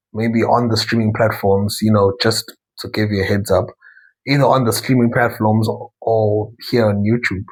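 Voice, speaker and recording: Young South African male host, husky voice, middle pitch, rambling chatty monologue with lots of asides. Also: low-quality recording. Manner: rambling, conversational, frequent asides and self-corrections. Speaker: talk show host. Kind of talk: casual monologue commentary.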